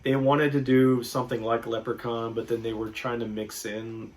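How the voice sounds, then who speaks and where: Young man, mid-pitched voice, animated, swears a lot, mocking podcast banter. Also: normal speed, a little hiss or hum. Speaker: movie review podcast co-host. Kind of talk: casual chat.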